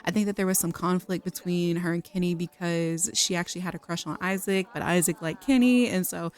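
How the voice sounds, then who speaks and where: A woman's voice: lowish voice, fairly even intonation, brisk. A woman hosting a video, chatting her way through a life-simulation game with giggly asides and apologies to her viewers. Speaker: gaming video host. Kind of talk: casual let's play narration.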